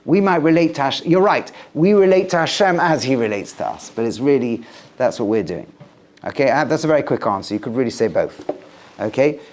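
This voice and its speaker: A male rabbi gives a lively Torah lecture to a class, stressing points with rising, emphatic intonation. He recites the Hebrew verses in a low, quiet voice.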